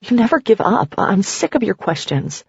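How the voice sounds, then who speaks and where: A woman's voice: mid-range voice, big pitch swings, moderate pace, gravelly, a little mellow, husky, dry recording, lo-fi sound, exaggerated voice. A woman voicing a controlling, short-tempered partner who talks harshly through clenched teeth. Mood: angry.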